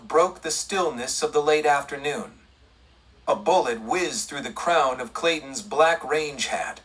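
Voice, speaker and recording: A man narrating a western audiobook in a steady storytelling read. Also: on the high side, slightly rough, recorded from a distance, rough recording. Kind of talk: scripted narration.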